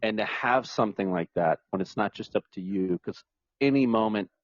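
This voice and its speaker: A man guest talking in a relaxed, conversational way. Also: lowish voice, fairly quick, no room sound, highs cut off. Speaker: podcast guest. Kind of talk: casual interview chat.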